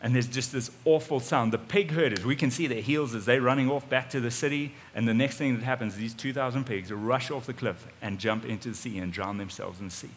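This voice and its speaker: A man preaching, retelling a story in the first person in an animated way, with sudden swings in loudness. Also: mid-range voice, a little fast, few pauses, slight background noise. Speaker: pastor. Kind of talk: storytelling sermon. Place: church auditorium.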